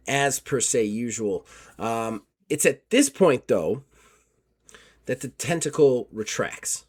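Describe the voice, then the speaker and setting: A man running a tabletop horror game, narrating casually with fillers and quick self-corrections. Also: mid-range voice. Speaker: game master.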